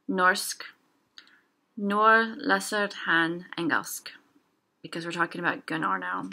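A young woman teaching a casual language lesson, slowly sounding out example words one at a time. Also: on the low side, bright, forceful tone.

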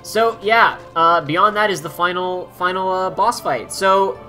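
A man's voice: sits high, measured pace, bright, forceful tone. A man hosting a let's play, chatting casually in an upbeat, rambling way over faint game music.

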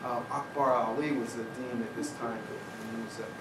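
An older lecturer in a university hall tells a personal story, acting out other people's lines in a mid-range voice with fairly even intonation and a fairly quick pace. The recording is very noisy and echoey, with the mic far off and loud ambience.

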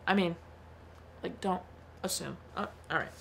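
A woman's voice: on the low side, steady tone, moderate pace, pauses often, fairly bright tone, slight background noise. A young woman chatting casually about a movie she just watched, full of fillers and giggles. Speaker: movie review vlogger. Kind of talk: casual movie review chat.

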